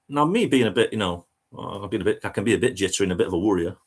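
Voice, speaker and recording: Low-voiced chatty man. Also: expressive, rapid-fire, breathy edge. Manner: chatty, self-mocking, laughs through his story. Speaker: touring band musician. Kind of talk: casual storytelling anecdote.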